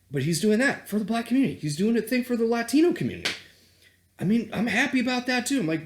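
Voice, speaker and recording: A man's voice: high voice, very animated, a little fast. A man on a vlog, ranting heatedly and sarcastically, with plenty of swearing. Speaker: self-help vlogger and coach. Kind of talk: unscripted profane political rant.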